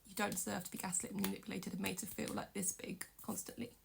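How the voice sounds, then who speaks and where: A young woman tells a painful story from her own life, her voice heavy with gravel and fry. She speaks in an emotional, halting way, stopping often and starting over. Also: mid-range voice, level tone, background noise. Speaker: vlogger. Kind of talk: personal storytelling vlog.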